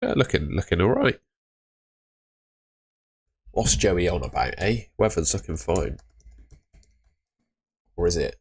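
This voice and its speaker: A man with a notably low voice hosts a relaxed live stream. He chats in an upbeat, friendly way, answering viewers by name as he goes. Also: slow, gravelly, pauses often, slightly rough. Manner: chatty, upbeat, talks to chat viewers by name. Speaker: livestream host. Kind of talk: casual live stream chat.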